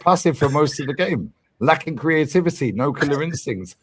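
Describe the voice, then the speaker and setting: London man, husky, lively fan-show banter, big swings in pitch. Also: poor audio. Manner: animated, boisterous, slangy, quick to laugh. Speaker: fan channel co-host. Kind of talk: casual football banter.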